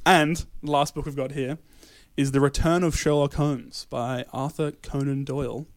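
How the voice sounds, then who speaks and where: A man's voice: medium pitch, fairly even intonation, normal speed, no room sound. A man co-hosting a casual podcast, reading through a list with lots of laughing and stumbling over names. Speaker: podcast co-host presenting the year.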